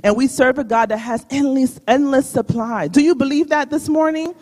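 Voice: sits high, normal speed, a little mellow. A preacher delivering a sermon in a church sanctuary, speaking to in-person and online listeners and often asking the congregation to repeat lines back in call-and-response. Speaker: guest preacher. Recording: long hall reverb of a sanctuary.

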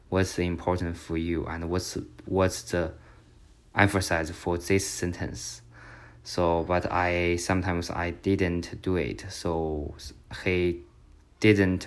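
A young man speaks in a very low, flat voice, slowly working through a class feedback report. His non-native English is halting, with frequent restarts. The delivery stays even and unhurried throughout. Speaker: language student.

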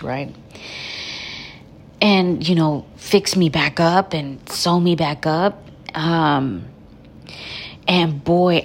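Woman, young adult, casual profane storytelling, slightly low voice, sore and careful not to laugh. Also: a little hiss or hum. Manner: candid, profane, chatty, addresses viewers as y'all. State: sore from surgery, holds back laughing. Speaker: vlogger recounting her birth.

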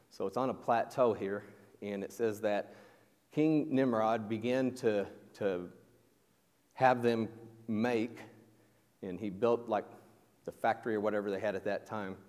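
A man's voice: fairly low pitch, a little mellow. A man preaching a sermon in a conversational way, restarting his sentences and asking the listeners questions. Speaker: pastor. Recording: long echo of a large hall.

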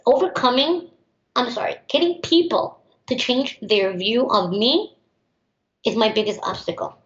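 A woman's voice: a little high, a little slow, a bit bright. A young American woman, a teacher, answering interview questions in an outspoken and emphatic way. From United States. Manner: outspoken and emphatic, acts out others' voices. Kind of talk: interview answers, personal storytelling. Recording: roomy, slightly dull recording.

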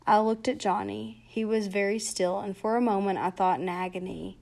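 A woman reading a novel aloud chapter by chapter, with plain, steady narration. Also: medium pitch, normal speed, gravelly. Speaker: reader.

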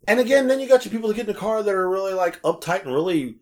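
A man telling stories in a casual chat, animated and swearing freely. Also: sits high, rapid-fire. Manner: animated storyteller, acts out quotes, swears freely. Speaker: podcast co-host.

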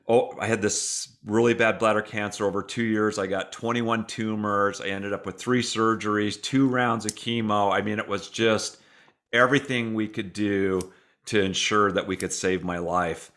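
Middle aged guy, kinda low voice, earnest and heartfelt, guest on an interview show. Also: fairly even intonation, moderate pace, a bit bright. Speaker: guest author. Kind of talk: interview conversation.

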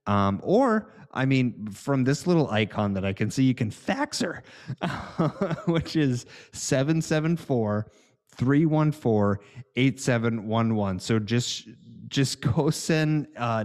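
A man's voice: mid-range voice, lively intonation, measured pace, darkish tone. Giggly rambling podcast host man. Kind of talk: casual sponsor read.

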